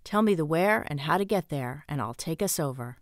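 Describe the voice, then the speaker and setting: A woman's voice: sits low, animated, fairly quick, dry recording, studio quality. A woman voicing a cocky, confident young male rock drummer.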